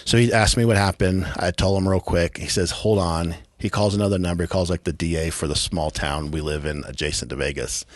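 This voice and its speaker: Deep-voiced man telling a blunt story. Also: fairly even intonation, a little fast, few pauses, no room sound. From California. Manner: blunt, profane, matter-of-fact storytelling with streetwise grammar. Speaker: guest. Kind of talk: storytelling in a podcast interview. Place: podcast studio.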